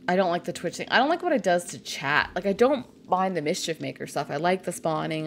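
A woman's voice: on the low side, expressive, fairly quick, hardly any pauses, slight background noise. A woman from Canada chatting casually and making crude jokes while playing a game on a live stream.

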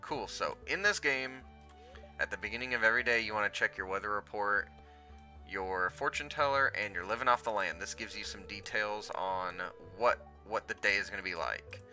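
A man's voice: fairly low pitch, normal speed, pushed and bright, faint music behind. A man hosting a let's play, casually explaining the game as he plays with lots of ums. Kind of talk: gameplay commentary.

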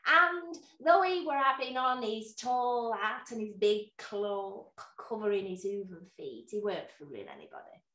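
A woman's voice: mid-range voice, lively intonation, a little slow, few pauses, pushed and bright. A woman voicing a chatty elderly neighbour in her nineties with a sprightly, coy way of talking, heard over a video call. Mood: eerie. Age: 90s. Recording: echoey room, away from the mic on a video call.

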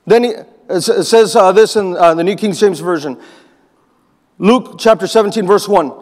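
Guy preaching in church, high voice, lots of hall echo, tells a story then gets fired up. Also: normal speed. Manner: storytelling, builds to emphatic preaching. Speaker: pastor. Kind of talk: sermon with personal story. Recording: long reverb of a church hall.

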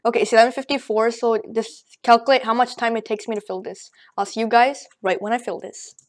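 A woman rambling excitedly through casual gameplay commentary, out of breath and joking as she goes. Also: a little high, brisk. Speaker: gaming channel host. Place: at home at a computer.

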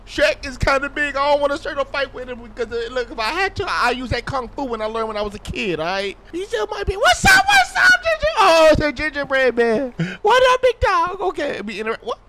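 A man hosting a horror gaming video, joking loudly and often shouting with excitement. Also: very high-pitched, fairly quick, hardly any pauses, background noise. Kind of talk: horror game commentary.

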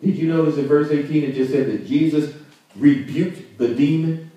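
Male pastor, high voice, conversational preaching, booming church echo. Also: moderate pace, mellow, lo-fi sound. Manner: conversational preaching with call and response, laughs often. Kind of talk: sermon. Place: church sanctuary. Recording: very echoey room, mic at a distance.

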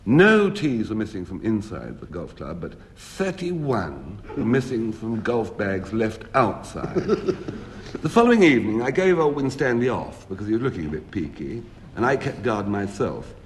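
A male radio comedy panelist tells a long comic story. His voice sits low but swoops widely, and his delivery stays wry and deadpan. He lets the pauses land before each punchline. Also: slight background noise.

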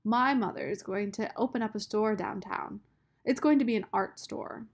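A woman reading aloud and voicing a bossy, fierce young girl who demands answers and shouts when she is angry. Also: medium pitch, normal speed, gravelly. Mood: haughty.

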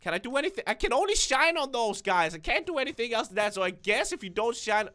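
A man's voice: very high-pitched, big pitch swings, fast, pushed and bright. A man giving let's-play commentary, nervous and stuttering, who bursts into screams when startled. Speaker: gaming video creator.

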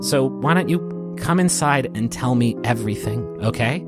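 A man voicing a gentle, loving woman who is a skilled carpenter, teasing and unhurried. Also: mid-range voice, animated, over music, natural voice. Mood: tender.

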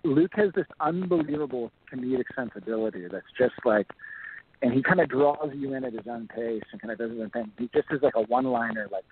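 A man's voice: mid-range voice, fairly quick, a little hiss or hum. A man from Texas, an actor guest, chatting casually in a phone-in interview with lots of fillers. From Texas, USA. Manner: relaxed and chatty, many fillers. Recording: tinny phone line.

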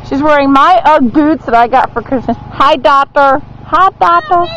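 A woman's voice: sits high, normal speed. A woman chatting behind a home video camera in a snowy yard, coaxing and praising her dogs in a sing-song way. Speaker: dog owner filming her pets. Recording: muffled home video, loud outdoor noise.

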